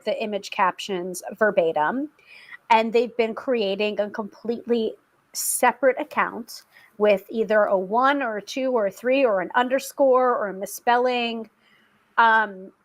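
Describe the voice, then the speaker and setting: A woman's voice: a little high, low-quality recording. A young woman hosting a tarot live stream, talking in a chatty, casual way with frequent laughs and fillers. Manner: chatty, laughs often, many fillers and restarts.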